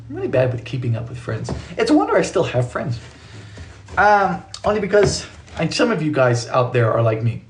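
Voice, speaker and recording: Chatty male baking streamer in a small home kitchen, fairly high voice, lots of swing in the pitch, jokey, thanks viewers by name. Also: wildly swooping pitch, a little fast, slight background noise. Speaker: baking livestream host. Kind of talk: casual live-stream chat while baking.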